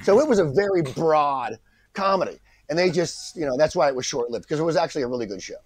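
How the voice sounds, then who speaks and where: A middle-aged man who is an actor guest talks fast in a slightly rough, somewhat high voice. He animatedly tells an anecdote and does the voices of the people in it, with no room sound.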